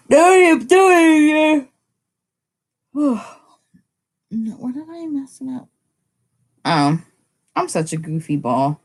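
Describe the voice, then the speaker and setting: A chatty woman hosting a casual live stream, talking straight to viewers in the chat and often jumping up in pitch when excited. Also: slow, long pauses, slightly rough.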